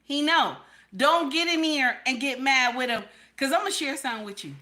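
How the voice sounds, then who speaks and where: Blunt, bright-voiced woman streamer. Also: sits high, normal speed. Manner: blunt, repetitive, checks in with "okay?". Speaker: livestream host. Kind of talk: candid livestream talk to chat.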